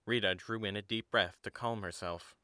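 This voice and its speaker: A man narrating an audio drama in an even storybook manner. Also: lowish voice, normal speed, no room sound, studio quality. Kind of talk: scripted narration.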